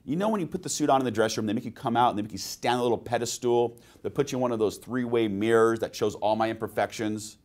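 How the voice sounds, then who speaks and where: A man's voice: mid-range voice, fast, hardly any pauses, darkish tone. A man presenting a sales training webinar, telling personal anecdotes and asking his listeners rhetorical questions.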